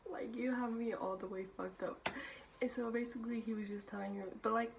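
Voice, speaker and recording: A woman's voice: a little high, fairly even intonation, moderate pace, vocal fry, noisy background. Young woman telling a laughing storytime. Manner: casual, profane, laughs often, many "like" fillers. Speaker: vlogger. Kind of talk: storytime vlog.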